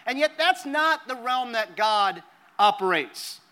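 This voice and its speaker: A male pastor delivers a sermon in a notably high, bright voice. He talks to the congregation in an earnest, conversational way and hammers points home by repeating phrases. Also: animated, takes it slowly.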